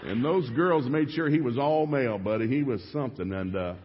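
A middle-aged man from East Tennessee with a Southern accent, telling stories fast and with animation in a sermon. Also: medium pitch, slightly rough. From East Tennessee, USA. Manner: fast-talking, animated storyteller. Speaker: preacher. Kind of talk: storytelling sermon. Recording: dull echoey church recording.

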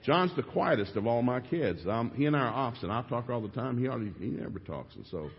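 Fast-talking Southern preacher, husky. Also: male voice, medium pitch. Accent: Southern US, East Tennessee. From East Tennessee, USA. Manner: fast-talking, animated storyteller. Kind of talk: storytelling sermon. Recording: dull echoey church recording.

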